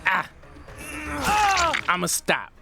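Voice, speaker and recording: A man casually commenting on his gameplay as a streamer, playful and quick to laugh, swearing now and then at the game. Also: very high voice, huge pitch swings, over music.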